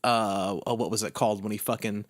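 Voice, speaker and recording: A man's voice: lowish voice, steady tone, a little fast. A young man hosting a podcast in casual chat, rambling through his points with lots of fillers and swear words. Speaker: podcast host.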